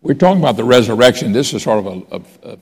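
Very animated and fast-talking, a pastor with a medium-pitched, darkish and husky voice preaches in a big-room acoustic. His pulpit sermon is conversational, full of stories and questions, and he asks the congregation to raise their hands.

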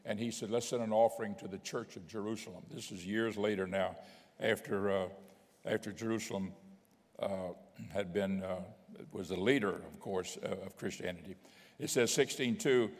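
A man's voice: on the low side, normal speed. Male preacher in a reverberant hall. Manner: conversational preaching, reads scripture aloud, chuckles now and then. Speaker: bishop preaching. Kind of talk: sermon.

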